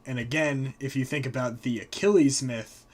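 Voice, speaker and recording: A man hosting a live stream, casually retelling myths and slipping into quick character voices. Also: medium pitch. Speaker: host. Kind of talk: casual storytelling.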